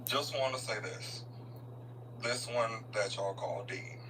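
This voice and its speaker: A man giving an earnest, halting tribute at a live event, often repeating his words. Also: fairly low pitch. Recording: distant mic with a noisy room and hum.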